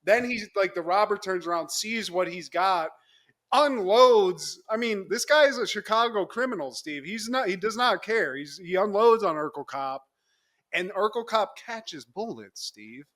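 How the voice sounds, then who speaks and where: A young man with a high, bright voice cheerfully retells a TV episode for his co-host. He talks in an animated way, laughs often and slips into quick impressions of the characters. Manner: animated storytelling, acts out quotes, laughs often. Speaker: podcast co-host. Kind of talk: casual chat recapping a TV episode.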